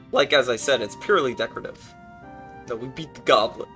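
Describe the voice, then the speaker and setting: A man's voice: mid-range voice, animated, a little fast, fairly bright tone, soft background music. A man streaming a game, chatting casually and ad-libbing jokes over it. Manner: jokey, ad-libbing, breaks into laughter. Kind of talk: casual gaming stream chat.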